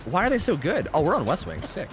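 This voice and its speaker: A young man commentates his gameplay live in a slightly high, wildly swooping voice. He curses freely and jumps from shocked yells to mumbled asides. Game music plays clearly underneath. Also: fast. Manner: excitable, swearing, swings from yelling to mumbling. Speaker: streamer.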